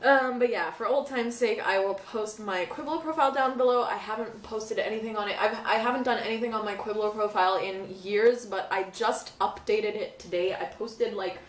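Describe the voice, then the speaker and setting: A woman's voice: mid-range voice, moderate pace, hardly any pauses, a little hiss or hum. A young woman vlogging casually, rambling and laughing through tears. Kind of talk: casual talk to camera. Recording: echoey room from a distance.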